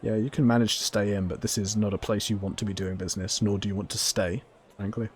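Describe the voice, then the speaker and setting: A man narrating a tabletop game as game master, describing scenes at length with frequent pauses and ums. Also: fairly low pitch, little pitch movement, slight background noise.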